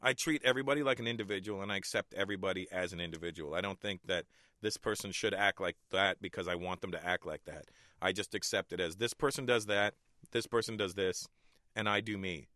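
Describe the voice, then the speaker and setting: A middle-aged man, a stand-up comedian, telling stories in a relaxed interview and chuckling often. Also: low-pitched, fast, dry recording, clean studio sound. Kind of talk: casual interview talk.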